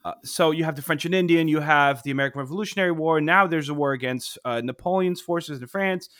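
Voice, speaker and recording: A man co-hosting a history podcast, telling the story in a casual, animated way with many asides. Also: a little high, quick pace, dry recording, clean studio sound. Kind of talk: casual explanatory chat.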